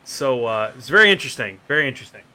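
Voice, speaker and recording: A man with a bright, sharp, middle-pitched voice talks casually. His story rambles along, full of "like" and "uh". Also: sing-song, racing. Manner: rambling, many fillers and likes. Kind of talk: casual chat.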